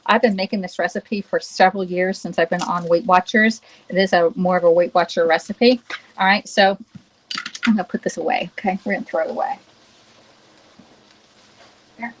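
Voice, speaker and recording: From her home kitchen, a cooking livestream host runs a live demo, greeting viewers, reading their chat aloud and asking "okay?" as she works. Her voice is fairly low with fairly even intonation, moving at a moderate pace with long pauses. The audio is poor, with slight background noise.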